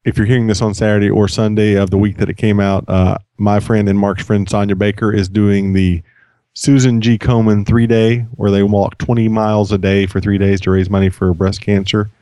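A man's voice: on the low side, little pitch movement, fairly quick, mellow, clean tone, dry recording, studio quality. A middle-aged man co-hosting a podcast, tossing in goofy, jokey asides. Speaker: podcast co-host. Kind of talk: casual chat.

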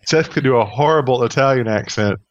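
A man's voice: medium pitch, fairly quick, dry recording. Jokey guy goofing around on a podcast, muffled lo-fi mic, dry. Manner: playful, joking, self-mocking. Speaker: podcast panelist. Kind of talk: casual tech chat. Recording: dull lo-fi audio.

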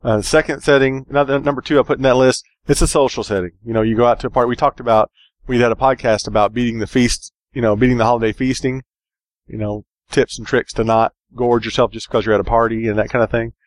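A man's voice: medium pitch, fast talker, no room sound. A man co-hosting a podcast, chatting casually and joking, with a lot of fillers. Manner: relaxed, joking, rambling with fillers. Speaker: podcast co-host.

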